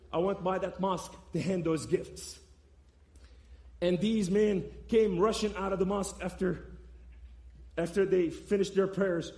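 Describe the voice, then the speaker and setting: A man's voice: sits high, creaky. Impassioned preaching man, echoey church. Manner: impassioned, preacherly, swings loud and soft. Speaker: guest speaker giving testimony. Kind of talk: preached testimony. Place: church sanctuary. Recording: echoey room sound.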